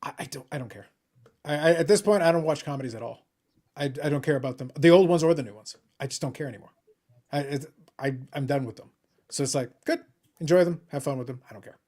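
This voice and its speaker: A man with a fairly high voice talks quickly in a casual live stream chat. He is blunt and opinionated. He keeps repeating his first words before he settles into a point. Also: darkish tone. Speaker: host of a hobby live stream.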